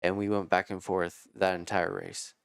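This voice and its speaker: Low, smooth-voiced man telling race stories. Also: normal speed, dry recording, clean studio sound. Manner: animated, swears freely, acts out quotes. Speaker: podcast guest telling racing stories. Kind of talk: casual storytelling.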